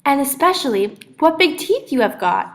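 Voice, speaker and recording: A woman voicing a nervous little girl in a read-aloud storybook, speaking a little higher and louder than her narration. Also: sing-song, normal speed. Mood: eager. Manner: raised, eager, slightly higher voice.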